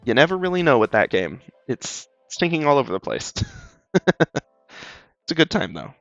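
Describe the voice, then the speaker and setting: A tired but bubbly art streamer chats casually while drawing, his mid-range voice very animated, at a moderate pace, with vocal fry. The audio is dull and dry with faint music behind, and he rambles upbeat with lots of ums and little chuckles.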